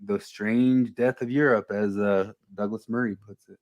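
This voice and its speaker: Male podcast host, low voice, dry close sound, blunt and opinionated. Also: fairly even intonation, normal speed, a little mellow, dry recording. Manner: blunt, opinionated, swears freely. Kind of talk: casual podcast chat.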